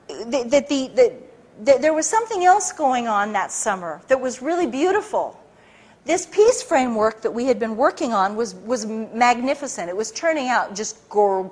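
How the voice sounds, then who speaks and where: A woman speaking at a public talk, telling a story to a live audience in an animated, rambling way, often correcting herself mid-sentence. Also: fairly high pitch.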